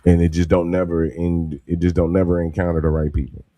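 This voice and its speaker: A man's voice: low-pitched, level tone, brisk, dark tone, lo-fi sound. A man co-hosting a podcast, talking in a loose, profane, emphatic way. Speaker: podcast co-host. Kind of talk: casual chat. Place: in Texas.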